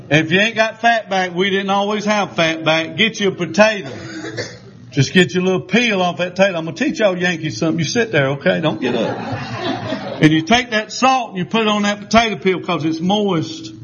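A man's voice: high-pitched, a bit bright, dull audio. A man with a Southern US accent preaching a folksy sermon, telling homespun stories with a drawl and chuckles.

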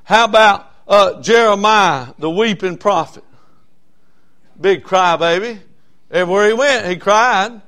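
A man's voice: high voice, measured pace, fairly bright tone. A man pastor, preaching a sermon in church, emphatic and repetitive with frequent fillers.

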